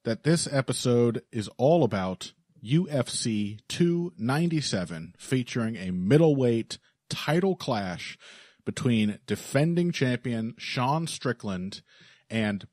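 Man, podcast co-host, husky, slow, dry humor, close dry sound. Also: medium pitch, animated, darkish tone, dry recording. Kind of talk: casual podcast chat.

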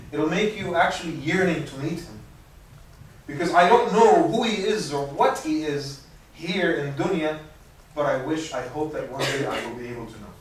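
Imam lecturing from far in an echoey room. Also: male voice, a little high, a little hiss or hum. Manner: conversational, restarts and repeats words. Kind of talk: lecture with audience questions.

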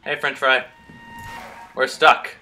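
A man's voice: mid-range voice, little pitch movement, takes it slowly, bright, forceful tone, faint music behind. A young man hosting a gaming video, chatting in a goofy, playful way. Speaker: gaming channel host. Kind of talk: casual gaming chat.

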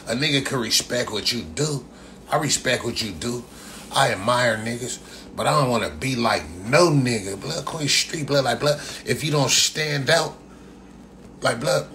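A man's voice: medium pitch, bright, forceful tone, slight background noise. A man ranting bluntly on a casual livestream, lecturing with rhetorical questions and repeating the same slang address constantly. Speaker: livestream host answering chat.

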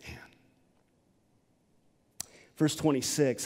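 Animated, high-voiced male pastor preaching. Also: normal speed, pauses often, long reverb tail. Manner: animated, dramatic storytelling. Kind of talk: sermon.

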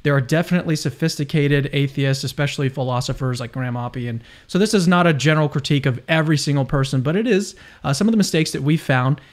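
A man's voice: on the high side, fast, few pauses. A young adult man hosting a casual video discussion, chatty and enthusiastic with frequent restarts. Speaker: host.

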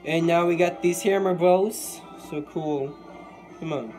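A young man giving live gameplay commentary, excitable and quick to vent frustration at the game. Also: on the high side. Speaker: gaming YouTuber. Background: game music.

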